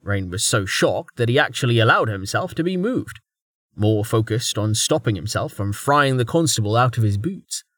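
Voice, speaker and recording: A man narrating a fantasy novel in a measured, even storytelling manner. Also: mid-range voice, dry recording, studio quality. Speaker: audiobook narrator.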